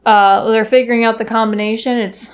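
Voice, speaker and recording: A woman's voice: on the high side, flat delivery, fairly quick. Young woman cohost, casual chat, cusses a ton, quotes movies. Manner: swears often, quotes movie lines in silly voices. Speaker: podcast co-host.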